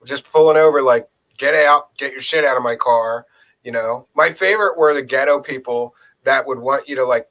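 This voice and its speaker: A man's voice: medium pitch, rough recording. A man from around Philadelphia telling stories in casual chat, acting out the lines he quotes. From Philadelphia area. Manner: storytelling, animated, acts out quoted lines. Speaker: co-host.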